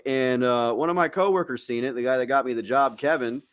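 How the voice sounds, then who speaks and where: This young man co-hosts a podcast and talks briskly in a mid-range voice, with no echo in the recording. In casual conversation he spins a profane, animated anecdote, voicing the quotes of other people himself.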